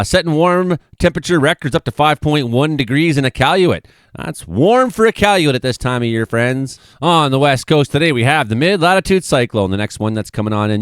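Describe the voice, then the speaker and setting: Excitable, joking weather guy. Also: fairly low pitch, clean tone, dry recording, studio quality. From Canada. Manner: excitable, joking, swears freely. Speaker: weather vlogger. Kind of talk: casual weather commentary over maps.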